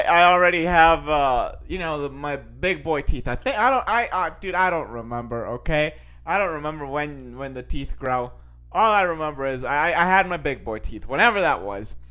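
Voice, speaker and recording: A man's voice: a little high, bright, forceful tone. A young man hosting a podcast, telling a rambling, self-mocking story in a casual monologue full of fillers and restarts. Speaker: podcast host.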